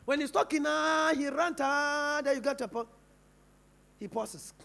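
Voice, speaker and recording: A man's voice: very high-pitched, normal speed, gravelly, bright, forceful tone. A man with a Ghanaian English accent preaching a sermon in church, firing rhetorical questions at the congregation. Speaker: pastor.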